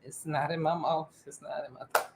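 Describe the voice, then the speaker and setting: A woman's voice: low voice, fairly even intonation, fairly quick, slight background noise. A middle-aged woman co-hosting a casual podcast chat, playful, laughing often and filling her talk with ums. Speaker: podcast co-host.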